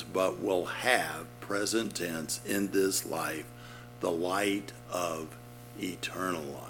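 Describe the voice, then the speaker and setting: A man's voice: low voice, slow pace, faint music behind. A man preaching a sermon, explaining Greek words and pressing his points with emphatic repetition.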